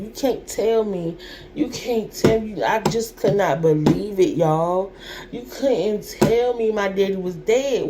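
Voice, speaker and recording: A woman's voice: medium pitch, takes it slowly, warm tone, slight background noise. A young adult woman telling a personal story to her viewers in an emotional, repetitive, colloquial way. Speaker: vlogger.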